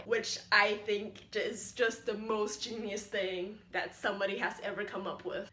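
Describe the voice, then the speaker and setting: A woman's voice: on the high side, pushed and bright. A young woman vlogging casually, explaining in a playful, rambling, self-mocking way. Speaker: YouTuber. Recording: echoey room.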